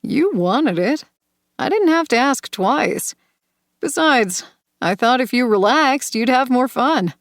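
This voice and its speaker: Woman reading creepy calm guy, soft coaxing voice, lively up and down, dry close sound. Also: sits high, slow, no echo, voice pushed up, exaggerated voice. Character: smooth manipulative man, calm, coaxing. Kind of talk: audiobook character voice.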